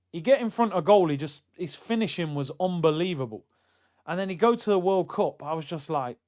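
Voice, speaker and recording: Hyped young streamer, lo-fi mic. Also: male voice. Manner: animated storyteller, slangy, jumps between loud hype and low muttering. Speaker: watchalong streamer. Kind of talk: casual live stream chat.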